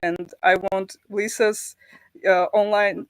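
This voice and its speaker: A woman with a half Armenian, half Russian accent talks earnestly as a stream guest. She speaks at a middling pitch, pauses and restarts her sentences, and laughs easily. Her voice sounds close and dry. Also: little pitch movement, dry recording. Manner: earnest, halting, laughs often. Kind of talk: live stream chat.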